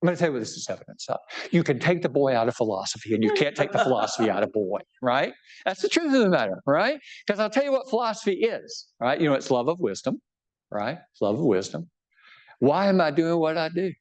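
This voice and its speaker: Quick and sing-song, this medium-pitched male voice belongs to a bishop giving a live book talk. He's chatty and joking, self-deprecating, and keeps checking in with those listening.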